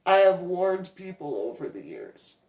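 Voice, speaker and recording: A woman from New Jersey talks slowly through a rambling story, her pitch rising and falling in a lively way. She laughs often between phrases. The recording is roomy, with a clear echo around her. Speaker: vlogger, reverend. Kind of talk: casual monologue.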